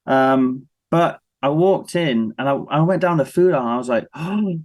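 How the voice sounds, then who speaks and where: An English man in his thirties chats as a guest on an interview show, telling animated anecdotes and slipping into his family's voices. His voice sits at an ordinary middle pitch. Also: normal speed. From England. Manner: lively storyteller, acts out his family's voices. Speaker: guest musician. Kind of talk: casual interview chat.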